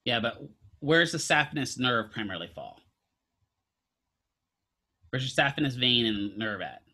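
A man's voice: mid-range voice, very animated, measured pace, pauses often, sharp tone. A man teaching a physical therapy class, lecturing casually, quizzing students and throwing in jokes. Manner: asks students questions, casual joking asides.

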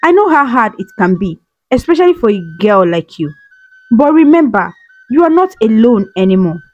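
A woman's voice: a little high, very animated, normal speed, no room sound, dull audio, faint music behind. A woman voicing a kind village mother figure. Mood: gentle. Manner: gentle, reassuring. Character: kind wise village woman, former teacher.

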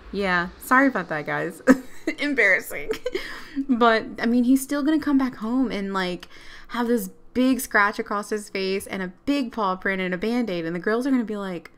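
A woman doing let's play commentary on a life-sim game, excitable and quick to exclaim and laugh. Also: medium pitch. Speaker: gamer.

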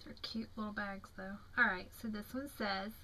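A woman's voice: mid-range voice, fairly even intonation, pushed and bright, slight background noise, rough recording. A young woman with a Southern American accent, tired, chatting admiringly as she shows off craft mail at home. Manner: chatty, admiring, slow and drawn-out. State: tired, yawning. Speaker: crafting vlogger. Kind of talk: casual show-and-tell of craft mail.

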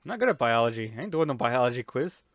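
A gaming YouTuber doing let's-play commentary, loud and excitable, with playful yelps, silly noises and sound effects. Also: medium pitch, fast talker, no echo, clean studio sound.

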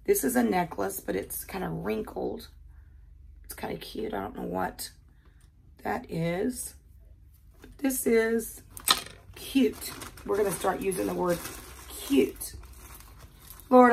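An older woman from the American South with a Southern accent, chatting casually and talking fast while she unboxes jewelry in her quiet bedroom. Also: medium pitch, gravelly, breathy edge.

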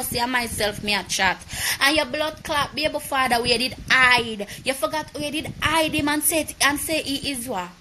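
A Jamaican woman tells a heated, profane story to her viewers in a live video. Her voice is bright and forceful and sits a little high. A faint hum of room noise sits behind her. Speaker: vlogger.

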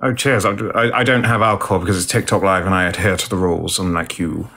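Guy on a live stream, posh and theatrical, kinda low voice. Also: fairly even intonation, fast, gravelly, pushed and bright. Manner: posh, theatrical, self-mocking with old-fashioned words. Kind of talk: casual live chat reading comments.

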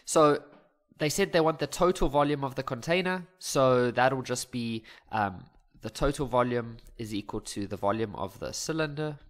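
A young man teaches maths in a loose, conversational way, cracking jokes and laughing at himself as he works through the problems. His voice sits at an ordinary middle pitch and he keeps it relaxed and informal. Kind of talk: casual maths lesson over worked examples.

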